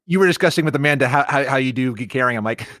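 A man's voice: medium pitch, rapid-fire, fairly bright tone, dry recording, clean studio sound. A man filling in as co-host in a casual podcast chat, stammering and repeating words as he goes.

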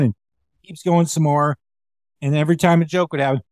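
Stand-up comedian, male, fairly high voice, animated raconteur who swears easily and mimics others; dry, close recording. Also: fast talker, no room sound. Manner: animated, swears freely, acts out quoted voices. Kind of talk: casual storytelling chat. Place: remote call.

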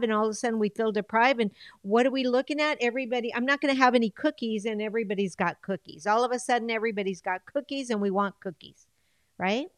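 A woman's voice: a little high, clean tone, dry recording, clean studio sound. A woman coaching her audience on goal setting, switching between English and Spanish with a coaxing manner and repeated phrases. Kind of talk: bilingual coaching talk.

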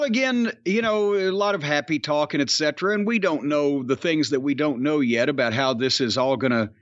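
A man's voice: a little high, fairly bright tone, dry recording, highs cut off. A man co-hosting a podcast in a casual way, blunt, profane and sarcastic. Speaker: podcast co-host.

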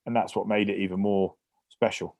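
Lively English former rugby player. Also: male voice, lowish voice, brisk, gravelly, no echo, studio quality. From England. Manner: animated, anecdotal, frequent fillers and restarts. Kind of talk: casual interview storytelling.

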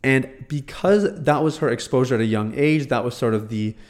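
Male commentator, earnest and conversational, mid-pitch, halting with fillers. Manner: earnest, hesitant with fillers and restarts. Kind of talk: casual commentary.

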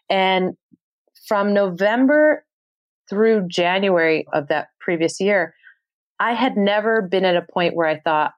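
New lady guesting on an interview, kinda low voice, candid and earnest, acts out her own thoughts. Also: normal speed. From New York City. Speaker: travel show host, guest. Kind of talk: emotional interview storytelling.

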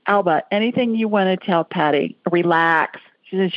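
A woman hosting a call-in radio show as a psychic medium, brisk and laughing often as she relays messages. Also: lowish voice, dry recording, highs cut off. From United States.

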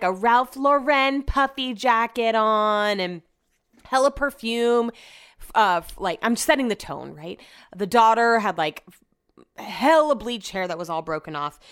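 Chatty woman with a smooth, dry voice. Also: on the high side, fairly bright tone, no room sound. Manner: chatty, rambling, heavy use of "like" and swearing. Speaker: podcast host. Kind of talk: casual storytelling chat.

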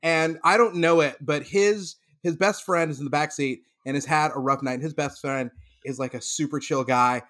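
Animated rambling storyteller man. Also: on the high side, moderate pace, few pauses. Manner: animated, rambling with many fillers. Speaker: podcast co-host. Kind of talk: comedic storytelling.

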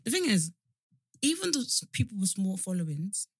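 A young woman co-hosting a podcast, quick and blunt in casual chat. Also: mid-range voice, sing-song, slightly rough, no echo. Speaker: podcast co-host.

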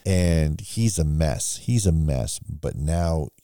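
Low dark-voiced guy rambling through a movie recap, dry close mic. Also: expressive, slow, clear, resonant tone, dry recording. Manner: rambling retelling with acted-out quotes. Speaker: podcast co-host recapping a film. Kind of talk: casual film recap chat.

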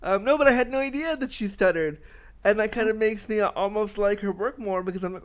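A man's voice: sits high, fairly quick. A man hosting a casual interview who talks frankly, swears freely and fills his speech with "like". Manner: frank and blunt, swears, fills with lots of likes.

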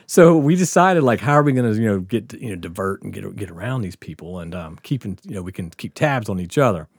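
A man's voice: lowish voice, animated, a little fast, creaky, breathy edge, no room sound, clean studio sound. A man casually telling a profane, laughing story from his school days on a podcast.

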